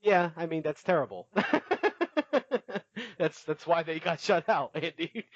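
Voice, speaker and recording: A man's voice: on the high side, measured pace, no room sound, muffled recording. Chatty laughing male podcast host. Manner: chatty, laughs often, recaps with filler words. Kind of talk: casual podcast chat.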